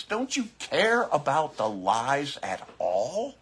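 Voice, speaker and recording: A man's voice: on the high side, very animated, very slow, few pauses, fairly bright tone, slightly rough. A man doing a profane live-streamed political rant to his viewers on his phone, fiery and swearing, repeating his catchphrases. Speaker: biker vlogger.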